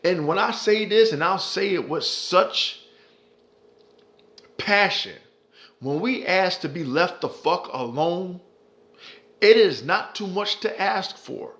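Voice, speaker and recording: A man's voice: sits high, lively intonation, slow pace, pauses often, a bit bright. A man delivering impassioned ranting commentary, profane and heated, repeating phrases for emphasis. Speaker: commentary vlogger.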